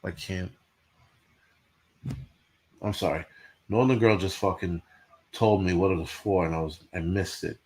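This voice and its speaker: A man's voice: low voice, measured pace, long pauses, a little mellow. A man hosting a livestream, ranting bluntly and profanely to his chat in casual talk. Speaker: livestream host.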